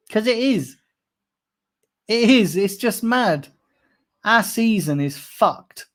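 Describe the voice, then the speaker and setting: A young man hosting a fan channel, ranting on a livestream, angry, sarcastic and swearing constantly. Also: high-pitched. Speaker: football fan channel host. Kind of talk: live-streamed fan rant.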